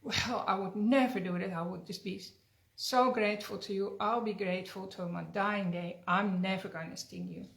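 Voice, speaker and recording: A woman voicing a sly male scorpion in a fable, pleading and smooth-talking in a slightly raised voice. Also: medium pitch, steady tone, moderate pace, a bit bright. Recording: roomy echo.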